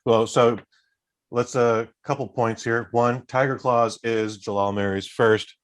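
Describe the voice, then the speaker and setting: A man's voice: mid-range voice, fairly even intonation, a little slow, no echo. A man co-hosting a movie podcast, chatting casually in a wry, skeptical way. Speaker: podcast co-host.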